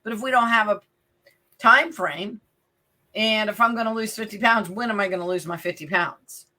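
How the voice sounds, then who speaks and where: A woman in her fifties co-hosting a casual chat, playful and teasing, with quick asides. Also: mid-range voice, sharp tone. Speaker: podcast co-host and life coach.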